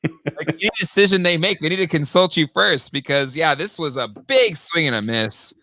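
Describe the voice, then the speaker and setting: A man co-hosting a casual podcast chat, talking in an animated way and reading out listener comments. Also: normal speed, no room sound. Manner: animated, jumps high in pitch when exasperated. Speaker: podcast co-host.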